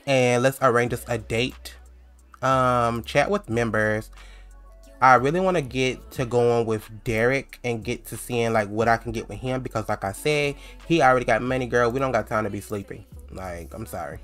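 A man's voice: medium pitch, normal speed, fairly bright tone, faint music behind. A man casually commenting on a life-sim game he plays, chatty and full of slang. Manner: chatty, slangy, laughs easily. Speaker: let's play host.

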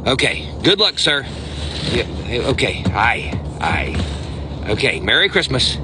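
A man's voice: mid-range voice, very animated, normal speed, music in the background. A man from the United States doing a comic one-sided phone call, earnest and polite, stammering as he restarts his sentences. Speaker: comedian. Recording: background noise.

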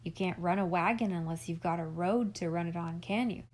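A woman's voice: fairly low pitch, brisk, a little mellow, lightly acted. A woman voicing an eager old farmer uncle with a homespun, rambling way of talking, in an audiobook. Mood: explaining. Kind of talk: audiobook character reading.

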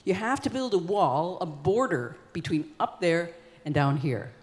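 A woman playing an ancient male poet who pitches a scheme in an eager, pushy way, heard live on a concert stage. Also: animated, measured pace, a little mellow. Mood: yelling. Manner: eager, pushy salesman talk. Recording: long hall reverb.

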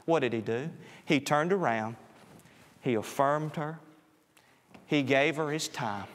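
A man preaching a sermon, rising on his appeals and dropping low and soft at the ends of phrases. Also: a little slow, long pauses, long reverb tail. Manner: swells in pitch and loudness on appeals, drops low and soft on closing words. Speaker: pastor.

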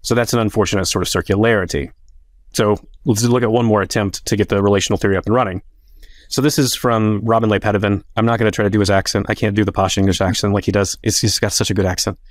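In a debate, a philosopher lays out an academic argument casually, leaning on frequent fillers. His voice is low and dry, with fairly even intonation and a quick pace. There's no echo.

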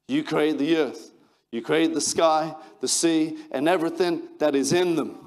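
A man's voice: on the high side, fairly even intonation, measured pace, a little mellow. A man with an English accent preaching an impassioned sermon as pastor, reading scripture aloud and calling out to the congregation. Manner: impassioned preaching with call-outs and Bible reading. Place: church in Manchester.

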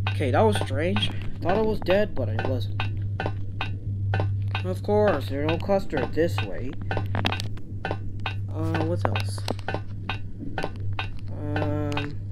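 A woman commentating on her own gameplay, often shouting in frustration at the enemies chasing her. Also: low voice, slow pace, pauses often. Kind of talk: let's play commentary. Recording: loud game music behind. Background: loud game music.

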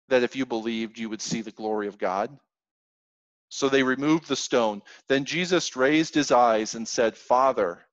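A man's voice: mid-range voice, dry recording, dull audio. A man preaching a sermon, reading scripture aloud and explaining it in an earnest, conversational way. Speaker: pastor.

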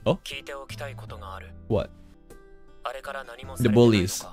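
A man's voice: high-pitched, slow pace, pauses often, soft background music. A man streaming an anime reaction, chatting casually, laughing often and talking to the characters on screen. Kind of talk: casual live reaction commentary.

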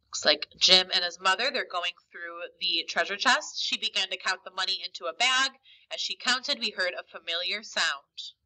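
Very bright teacher reading aloud. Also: female voice, fairly low pitch, moderate pace, low-quality recording. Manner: expressive storytelling. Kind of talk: reading a novel aloud for a lesson.

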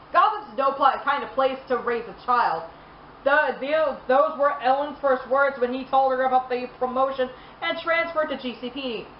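Brief: woman gaming streamer, animated reader, high pitch, roomy lo-fi room with faint ambience. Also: slight background noise. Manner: animated, laughs and exclaims. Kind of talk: reading game lore aloud with reactions.

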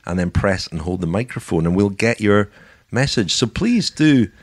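A man's voice: fairly low pitch, very animated, moderate pace, no room sound. A man co-hosting a podcast in casual chat, with a wry, dry sense of humor. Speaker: podcast co-host.

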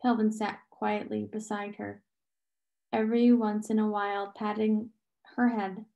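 A young adult woman reading a novel aloud, with occasional slips and restarts, raising her pitch for characters' dialogue. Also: little pitch movement, measured pace, gravelly, lo-fi sound. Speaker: audiobook reader.

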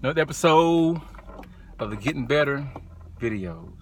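A man speaking as a fitness trainer in a casual vlog. He is short of breath from bruised ribs and talks haltingly, repeating words and restarting his sentences. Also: mid-range voice, pushed and bright, a little hiss or hum.

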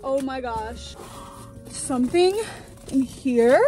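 A woman's voice: on the high side, a little slow. A young woman narrating a day-in-my-life vlog, bubbly and chatty with trendy slang and frequent laughs. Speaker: vlogger. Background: music.

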